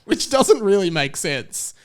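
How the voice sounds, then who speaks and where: A man with a somewhat high voice chats casually on a comedy podcast. He laughs often as he explains, in a loose, easy tone. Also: big pitch swings, measured pace. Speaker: podcast co-host.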